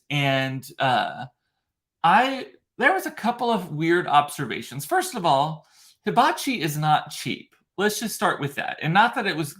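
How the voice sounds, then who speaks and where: With a somewhat high, slightly bright voice, a male livestream host tells a long story from his computer in a casual way, full of emotion, fillers and restarts. His mic is a computer mic in front of a ring light.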